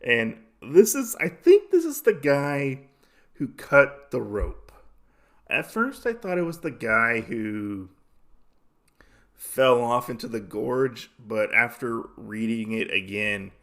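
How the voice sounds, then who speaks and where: A man hosting a podcast, casually retelling a comic story in a rambling, animated way. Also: mid-range voice, slow pace. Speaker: podcast host.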